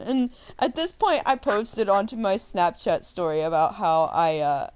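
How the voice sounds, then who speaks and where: Young woman, gaming host, spins a chatty, animated anecdote mid-game. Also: mid-range voice, normal speed, few pauses. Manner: animated, rambling, full of fillers and laughter. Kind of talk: casual storytelling while playing a game.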